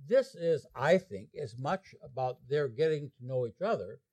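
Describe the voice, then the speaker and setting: A man's voice: medium pitch, moderate pace. Man explaining an opera plot. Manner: storytelling, animated retelling of the plot. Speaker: opera lecturer.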